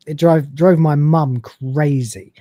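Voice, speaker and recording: A UK podcast host with a mid-range voice recaps a TV episode at an unhurried pace, with slight background noise in the audio. Telling it like an animated storyteller, the host quotes lines of dialogue and laughs along.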